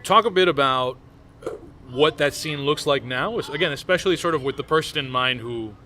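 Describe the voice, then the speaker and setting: Bright-voiced interviewer man. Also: fairly high pitch, a little fast, soft background music. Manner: rambling, hedged questions. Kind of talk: conversational interview.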